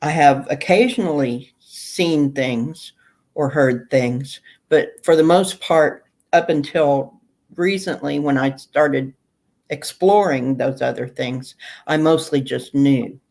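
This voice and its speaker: Low-voiced lady, talks real slow, calm chatty host. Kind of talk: casual chat.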